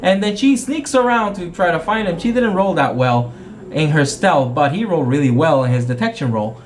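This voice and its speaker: A man's voice: on the high side, animated, normal speed, a little hiss or hum. A man acting as game master, casually retelling a tabletop game session in a rambling way and often correcting himself.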